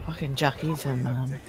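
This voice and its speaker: A gamer mutters through a shooter match in a medium-pitched voice, grumbling quietly about each death. A faint hiss sits under the voice. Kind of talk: casual gaming commentary.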